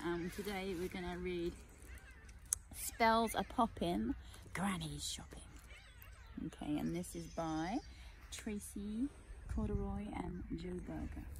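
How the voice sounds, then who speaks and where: A young woman reading a children's picture book aloud in a gentle, expressive way as host of her channel. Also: fairly low pitch, noisy background. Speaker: children's story reader.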